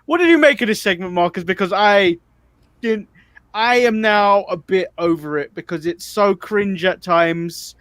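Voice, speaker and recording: A man with a slightly high voice hosts a casual wrestling recap, moving from topic to topic. His remarks are wry and critical, and the recording sounds dry and close. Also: a little slow, a bit bright, no echo. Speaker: wrestling podcast host. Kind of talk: casual chat.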